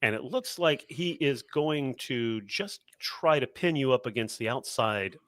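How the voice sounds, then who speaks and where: A man narrating and running a tabletop role-playing game as game master, talking in a relaxed, hesitant way as he works out the rules aloud. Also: medium pitch, a little slow, dry recording.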